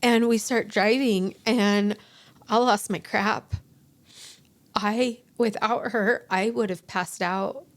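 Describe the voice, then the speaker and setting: This podcast guest, a woman in her forties, has a mid-range voice with fairly even intonation. Emotional and halting, her personal story comes with restarts and acted-out quotes.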